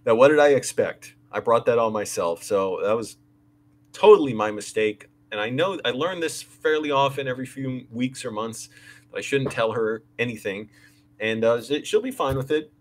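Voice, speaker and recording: Young male vlogger, mid-pitched, rambling and candid, faint background hum. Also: moderate pace. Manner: rambling, candid, restarts and fillers, ranting about landlords. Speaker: vlogger, creative director of the channel. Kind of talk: casual live-stream chat.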